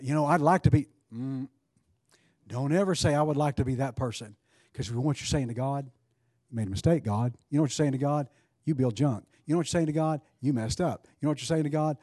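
A man's voice: medium pitch, no echo. A male pastor preaching a sermon, asking rhetorical questions and leading altar prayer. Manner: rises to fervent, louder prayer.

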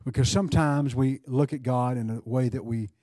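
A man's voice: mid-range voice, fairly even intonation, moderate pace, no echo. A male pastor preaching a sermon, asking rhetorical questions and leading altar prayer. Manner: rises to fervent, louder prayer.

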